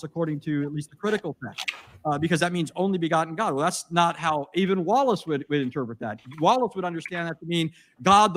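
A man's voice: on the high side, fairly bright tone. A man giving a debate rebuttal, arguing emphatically, quoting scripture and Greek, with frequent restarts and fillers.

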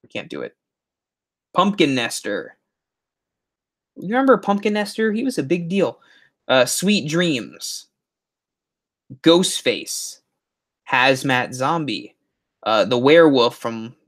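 A man's voice: medium pitch, animated, slow pace, fairly bright tone. A man hosting a livestream on a headset, chatting casually and reading out viewer comments in a rambling way. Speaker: YouTube livestream host.

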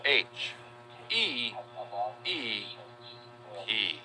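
Male narrator for kids' learning content, lively sing-song delivery, spells each word slowly, faint music behind. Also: mid-range voice. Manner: spells words out letter by letter, friendly and deliberate. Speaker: children's teacher narrator. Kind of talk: children's educational narration. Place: voice-over.

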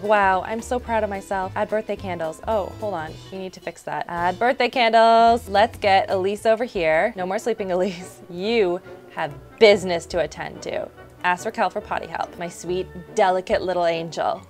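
A young woman talks her way through a life-sim game, narrating every move in a chatty, excitable way. Her voice sits at an ordinary middle pitch. Soft music plays faintly underneath. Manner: chatty, excitable, narrating each step aloud. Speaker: gaming YouTuber, host. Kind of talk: casual gameplay commentary.

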